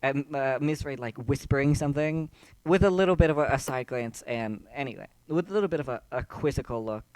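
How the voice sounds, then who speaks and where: A man's voice: medium pitch, brisk, few pauses, a little mellow, smooth, no room sound. A man running a tabletop game as game master, narrating casually and rambling, correcting himself as he goes. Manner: rambling, self-correcting, chuckling.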